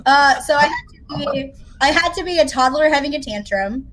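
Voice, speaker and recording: Woman, from the South, high voice, chatty, self-deprecating, podcast host. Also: animated, moderate pace, a crowd in the background. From American South. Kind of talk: casual chat.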